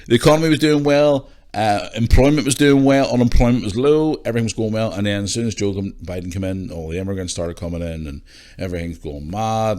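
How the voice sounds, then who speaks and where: A man hosting a podcast, ranting his opinions in a blunt, sweary, casual way. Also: fairly low pitch. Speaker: podcast host.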